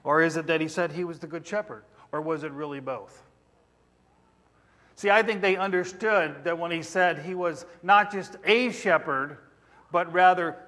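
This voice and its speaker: A man's voice: sits high, sharp tone. A man preaching a sermon, asking the congregation questions as he teaches. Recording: reverberant hall.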